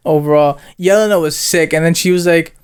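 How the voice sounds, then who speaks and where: A man's voice: on the high side, fairly quick, smooth. A young man, a co-host in casual chat, retelling movie scenes with laughter and slang.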